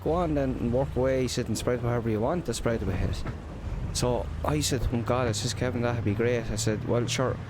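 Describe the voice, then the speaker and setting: A man's voice: medium pitch, noisy background. Chatty Irish man. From Ireland. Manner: chatty storytelling with local slang. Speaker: roleplay gamer narrating. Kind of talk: casual in-character roleplay narration.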